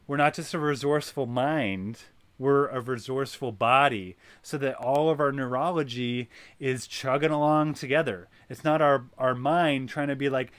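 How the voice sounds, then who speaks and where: A man hosting a wellness circle, talking in an animated coaching way that is full of "right?" and "you know". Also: medium pitch, normal speed, smooth, dry recording. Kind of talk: guided wellness talk.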